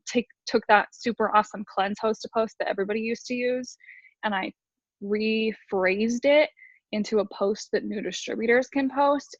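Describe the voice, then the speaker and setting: A woman's voice: mid-range voice, no echo. Chatty woman rambling on a video call. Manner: rambling, fast, filler-heavy. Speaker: team leader sharing sales tips. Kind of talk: casual video call talk. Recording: dull video call audio.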